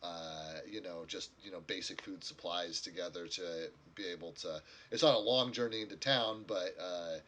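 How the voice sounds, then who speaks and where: A man's voice: deep voice, moderate pace, hardly any pauses, a bit bright, slight background noise. A man narrating as game master in a tabletop game, in a loose, rambling way, searching for words as he goes.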